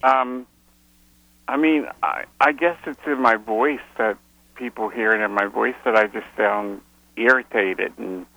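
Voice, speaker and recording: A man's voice: mid-range voice, measured pace, creaky, sharp tone. A man calling in to an advice show, talking hesitantly over a phone line. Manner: hesitant, many fillers, laughs nervously. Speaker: caller. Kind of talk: phone-in conversation.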